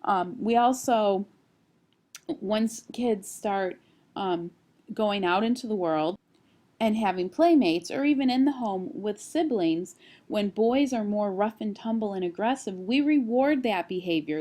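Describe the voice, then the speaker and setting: A woman in her thirties, a college instructor, giving a recorded screencast lecture at a steady explanatory pace with occasional fillers. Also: mid-range voice, measured pace.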